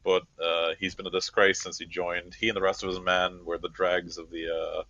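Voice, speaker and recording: A dutiful sergeant reporting to his superior , played by a man, polite and measured. Low voice in a dull lo-fi recording, near the performer's own voice. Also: level tone, bright, forceful tone. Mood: formal. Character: formal, dutiful male sergeant, deferential.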